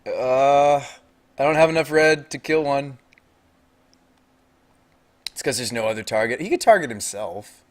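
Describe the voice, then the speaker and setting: An American man calls his own card game live, chatting loosely with his viewers. When the match turns, he gets loud and shoots up in pitch, pleading at his opponent. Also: a little slow, pauses often. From United States. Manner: excitable, talks to chat and opponent, gets loud and high when tense.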